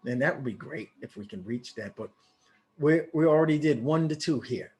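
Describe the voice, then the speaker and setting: A man who walks viewers through a live trade as a trading educator. He talks in a casual, excitable way, with quick exclamations and a lot of restarts. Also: fairly high pitch.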